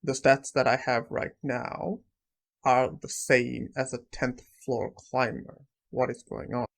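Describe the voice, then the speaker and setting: A man's voice: mid-range voice, little pitch movement, takes it slowly, gravelly. A man voicing a cold, arrogant young male necromancer in a storybook-style recap, curt and dismissive.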